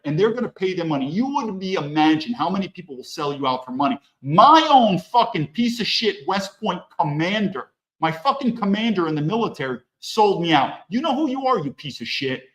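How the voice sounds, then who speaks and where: Male podcast guest with a high, animated delivery and a blunt, profane edge. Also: a little fast, hardly any pauses, poor audio. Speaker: podcast guest, former federal agent. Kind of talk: animated conversational storytelling.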